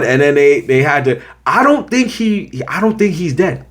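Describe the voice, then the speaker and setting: Slangy, animated young man reviewing a show. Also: a little high, normal speed. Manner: slangy, animated storytelling with voiced reactions. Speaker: show host reviewing a series.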